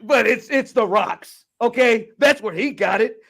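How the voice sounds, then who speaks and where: A man hosting a casual sports talk show, animated and incredulous, laughing often and packing his talk with fillers. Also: very high-pitched, measured pace, creaky. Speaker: podcast host.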